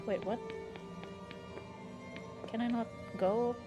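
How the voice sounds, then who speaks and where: A woman giving casual let's-play commentary, excitable and easily startled, swearing when scared. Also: fairly high pitch, takes it slowly, music in the background. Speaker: game streamer.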